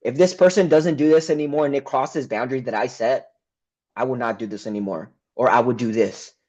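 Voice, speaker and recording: A man's voice: mid-range voice, fairly even intonation, fairly quick, darkish tone. A man coaching a group on a call, telling a personal story bluntly, swearing often and growing heated as he recounts a conflict. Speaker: men's mental health coach. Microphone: video call. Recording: slightly dull, lo-fi call audio.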